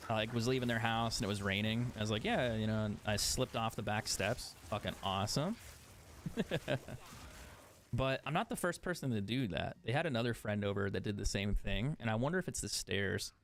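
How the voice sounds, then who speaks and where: A man's voice: on the low side, a little fast, a bit bright, a little hiss or hum. A man streaming a video game, chatting casually, swearing often and laughing at himself. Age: adult. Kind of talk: casual chat while gaming.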